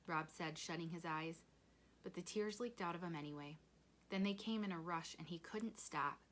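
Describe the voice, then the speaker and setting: Woman reader, lowish voice, measured storytelling, novel read aloud. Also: fairly bright tone.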